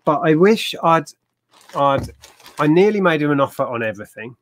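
A man's voice: a little high, sing-song, normal speed. A man chatting casually on a resale livestream, rambling and laughing often. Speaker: co-host of a resale haul livestream. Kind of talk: casual chat.

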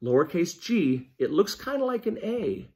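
A man teaching young children to write letters, giving slow, patient step-by-step instructions. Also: high voice, big pitch swings, a little mellow. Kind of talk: children's handwriting lesson.

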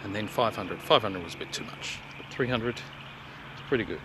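Eager amateur astronomer in a field. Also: male voice, on the low side, moderate pace, background noise. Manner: enthusiastic, chatty. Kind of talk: casual outdoor commentary. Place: outdoors in a field.

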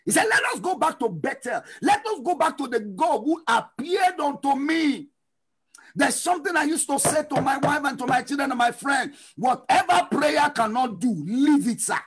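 A middle-aged man preaching a fervent sermon, shouting refrains and breaking into sung lines. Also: very high voice, expressive, moderate pace. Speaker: pastor.

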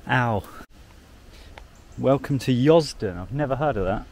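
A man's voice: medium pitch, lively intonation, fairly quick, mellow. A young man chatting casually while walking through the countryside for his vlog, amused and talkative, filming on a handheld camera. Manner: chatty, amused commentary with frequent "like". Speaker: walking vlogger. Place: outdoors, countryside fields and villages. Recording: outdoor noise, wind and passing traffic.

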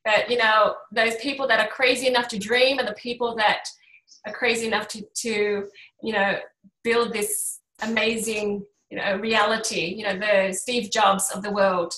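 A woman's voice: mid-range voice, normal speed. A middle-aged woman, an energy healer, chatting to a small group and acting out quoted voices as she tells stories. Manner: animated storytelling, acts out quoted voices. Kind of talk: casual workshop chat. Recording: roomy echo.

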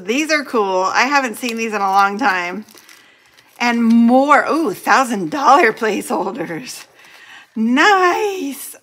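A middle-aged woman with a raspy voice, gushing and laughing as she unboxes mail for her budgeting channel. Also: mid-range voice. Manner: gushing and excitable, laughs often. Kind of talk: casual unboxing chat to camera.

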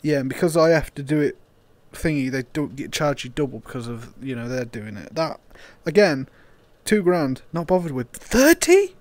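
A young man giving casual, sweary gameplay commentary, swinging into loud disbelief and laughter. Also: mid-range voice, normal speed, no room sound. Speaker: gaming YouTuber.

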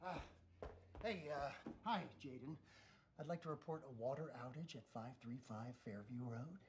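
A man's voice: mid-range voice, normal speed, noisy background, lightly acted. An actor playing a scheming male ogre villain in human disguise in a TV fantasy drama, mock-friendly and theatrically menacing.

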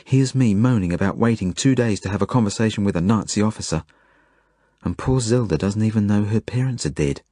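A man reading his own novel aloud as a first-person audiobook, earnest and measured. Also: lowish voice, no echo, clean studio sound. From Australia. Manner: earnest, measured, gentle storytelling.

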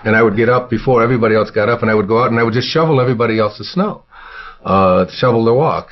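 An older man from Michigan telling childhood stories in an interview, halting with many fillers and restarts. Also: medium pitch. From Michigan, USA. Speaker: interviewee, self-help author. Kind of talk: reflective storytelling. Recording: dull lo-fi interview recording.

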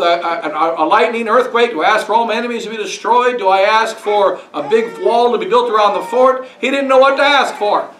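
A priest preaching a sermon with a high, bright, ringing voice. He speaks in a conversational way and keeps putting rhetorical questions to his listeners. He stands away from the microphone in a roomy, echoing church. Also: slight background noise. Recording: roomy echo, speaker far from mic.

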